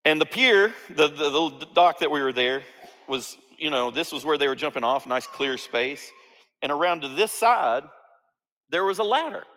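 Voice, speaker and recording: A man's voice: a little high, animated, normal speed, bright, forceful tone. A man preaching a sermon, acting out quoted lines with jokey asides. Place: church sanctuary. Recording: reverberant church hall.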